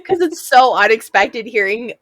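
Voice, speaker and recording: A woman's voice: fairly high pitch, moderate pace, no echo. A young woman co-hosting a podcast in casual chat, telling stories with laughter. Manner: lively, animated storytelling, laughs often. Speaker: podcast co-host.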